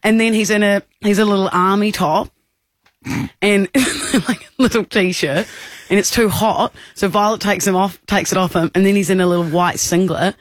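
A woman co-hosting a radio show, telling a story in an animated, giggly way. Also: mid-range voice, moderate pace, dry recording. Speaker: radio co-host. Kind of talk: casual radio banter. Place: radio studio.

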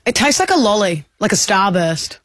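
A woman's voice: mid-range voice, big pitch swings, moderate pace, dry recording, studio quality. A woman co-hosting a drive-time radio show, chatting playfully. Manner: playful, enthusiastic. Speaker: radio co-host. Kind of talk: casual radio banter.

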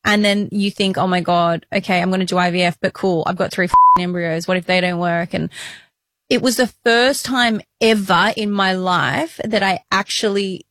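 A woman in her late thirties chats openly and emotionally as a podcast co-host, often breaking into laughter. Her voice sits at a middle pitch and is recorded dry and close. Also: steady tone, moderate pace, fairly bright tone, no echo. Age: 30s. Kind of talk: casual chat.

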